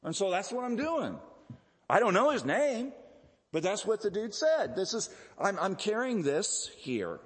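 High casual healed man, as a preacher puts him on, offhand, echoey hall. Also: very animated, measured pace. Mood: breezy. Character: laid-back healed man, cheerfully clueless.

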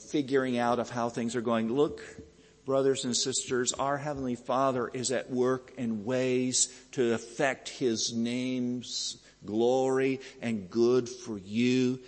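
A man preaching a sermon, earnest and building to fervent emphasis, often repeating words as he presses a point. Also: medium pitch. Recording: long hall reverb.

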